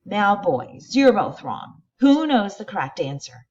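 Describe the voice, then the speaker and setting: A woman voicing a cheerful crocodile-like schoolteacher in a higher, brighter voice. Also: big pitch swings, measured pace, highs cut off. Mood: teacherly.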